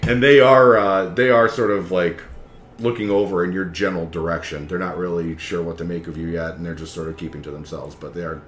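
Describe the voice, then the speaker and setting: A man's voice: deep voice, fairly even intonation, brisk. A man narrating as game master, rambling with lots of fillers and chuckles. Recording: echoey room, faint background noise.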